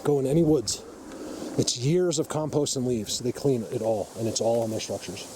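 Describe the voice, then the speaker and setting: A man with an average pitch, talking with emphatic insistence straight to his viewers as he films a walk through the woods. His voice comes through a camera mic with clear outdoor noise behind it and a vehicle now and then. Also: normal speed. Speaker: vlogger, Bigfoot field researcher. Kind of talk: walk-and-talk field vlog. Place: outdoors in a forest. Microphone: camera mic while filming. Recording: outdoor ambience, noisy, faint vehicle.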